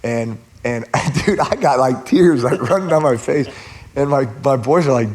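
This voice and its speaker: A middle-aged man from Texas, a guest in a casual chat, telling stories in a lively way and laughing often. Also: medium pitch, moderate pace.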